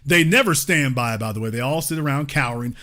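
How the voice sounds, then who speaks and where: A man's voice: mid-range voice, quick pace, bright, forceful tone. A man hosting a call-in show, arguing hard with a caller and cutting him off again and again. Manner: confrontational, cuts in repeatedly. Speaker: host. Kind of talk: heated call-in debate.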